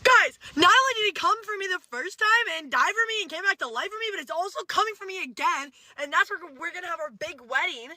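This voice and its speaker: A woman in an online video, talking emphatically and preachily in a quick, rushed rush of words. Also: very high-pitched, expressive, sharp tone, dry recording. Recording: noisy clip with clicks.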